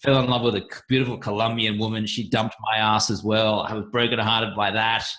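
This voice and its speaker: A man's voice: lowish voice, flat delivery, fairly quick, fairly bright tone. Breezy Australian man, self-deprecating. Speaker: podcast guest. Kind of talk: casual interview chat.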